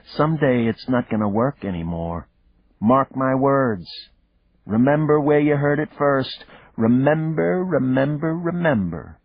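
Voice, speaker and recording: A man's voice: mid-range voice, animated, a little slow, slightly rough, no echo, pitched above the performer's own voice. A man voicing a cute, playful young girl in an audiobook, in a sing-song, teasing way. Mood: wistful. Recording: dull lo-fi dry recording.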